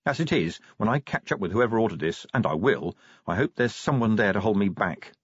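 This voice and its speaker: Husky expressive male audiobook narrator. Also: on the low side, brisk, no echo. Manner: expressive storytelling with shifting character voices. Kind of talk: scripted narration. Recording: dull dry lo-fi audiobook recording.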